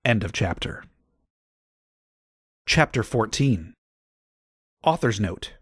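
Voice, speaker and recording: A man narrating a comedic audiobook in a deadpan manner, with dry asides. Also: mid-range voice, unhurried, no room sound.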